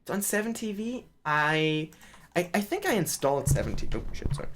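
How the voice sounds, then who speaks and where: A streamer chatting casually while playing a game, rambling, swearing and quick to laugh. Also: medium pitch, very animated, noisy background. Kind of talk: casual live-stream chat.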